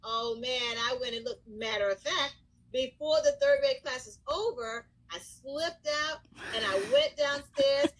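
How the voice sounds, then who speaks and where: Animated woman telling a story, high voice. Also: unhurried, a little hiss or hum, low-quality recording. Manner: animated, lively storyteller who breaks into excited shouts and acts out quotes. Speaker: school counselor. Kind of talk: casual storytelling to camera.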